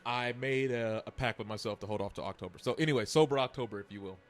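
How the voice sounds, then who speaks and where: A man's voice: medium pitch, fast talker. A man co-hosting a casual podcast chat, rambling and restarting his sentences, with loose slang. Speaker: podcast co-host.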